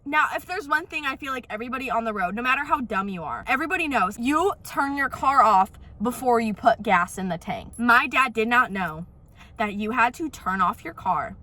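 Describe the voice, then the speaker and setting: A young woman vlogging casually into her phone, telling animated stories about her dad with lots of "literally" and "like". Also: a little high, fairly quick. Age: young adult. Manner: animated, chatty storytelling with frequent "literally" and "like". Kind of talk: casual ranting vlog.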